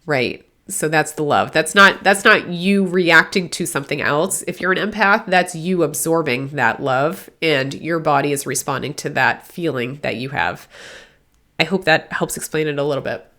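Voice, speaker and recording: A woman with a low, grounded voice talks through a spiritual podcast as a medium. She rambles earnestly and stops to correct herself. She sounds teary, with a sniffly nose. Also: normal speed, sharp tone. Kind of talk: casual spiritual podcast talk.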